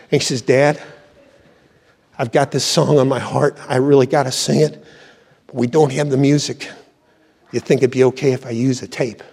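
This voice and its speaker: A man's voice: mid-range voice, little pitch movement, measured pace, gravelly, pauses often, darkish tone, husky, long reverb tail. An older man, a pastor, preaching a sermon with fervent praise and storytelling, recorded in a church.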